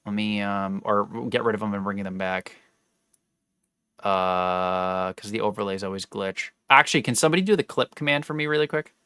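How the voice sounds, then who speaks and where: A man's voice: on the low side, moderate pace, bright, forceful tone, smooth, dry recording, studio quality. A young man chatting casually with his live-stream viewers while he plays, rambling and correcting himself as he goes. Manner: rambling, self-correcting, talks to chat.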